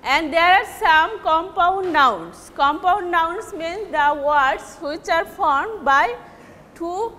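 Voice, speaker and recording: High, bright Bangladeshi-accented woman teaching. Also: expressive, long reverb tail. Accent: Bangladeshi English. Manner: slow, halting explanation with repeated example words. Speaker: English teacher. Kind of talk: classroom lecture on word stress.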